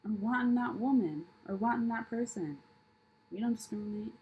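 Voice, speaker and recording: A woman's voice: on the high side, moderate pace, mellow, highs cut off. A woman reading tarot cards in a casual monologue, delivering blunt, profane tough love with emphatic repetition and rhetorical questions. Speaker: tarot reader.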